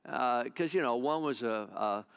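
A man's voice: medium pitch, unhurried, vocal fry, clean tone. A male pastor preaching a sermon, retelling a Bible story in a folksy, conversational way.

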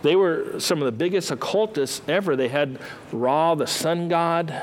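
A man's voice: on the high side, normal speed, a little hiss or hum, low-quality recording. A man preaching a sermon in a conversational storytelling way, acting out the characters as he goes.

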